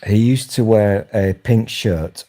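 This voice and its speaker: A man in his forties holds court in a low, mellow voice. He rambles from story to story with sweary, mischievous humour, the way you talk to friends on the sofa. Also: slow. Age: 40s. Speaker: host. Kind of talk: casual chat.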